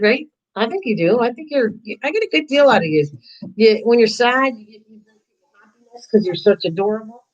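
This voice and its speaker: A woman's voice: medium pitch, poor audio. An older woman hosting a live crafting stream, chatting casually and rambling to her viewers and her dog while she paints.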